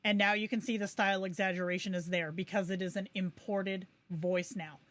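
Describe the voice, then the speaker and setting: A woman's voice: medium pitch, fairly even intonation, a little fast, fairly bright tone, dry recording. Chatty woman walking through app settings. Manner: chatty, explains while clicking through settings. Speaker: livestream host. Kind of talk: casual tutorial walkthrough.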